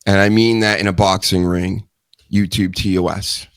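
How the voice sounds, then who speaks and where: A man's voice: low voice, flat delivery, normal speed, background noise. A man hosting a live wrestling news show, talking in a rambling, joking way with self-mocking asides. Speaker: host.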